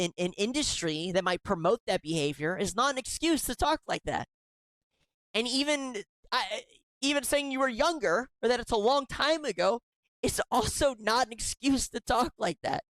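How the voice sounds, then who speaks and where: A sarcastic, indignant host talks through a commentary segment, reacting to emails they read aloud. The voice sits at a middling pitch and often stumbles and restarts mid-sentence. It is recorded dry and close, with no room sound at all. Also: a bit bright, no echo.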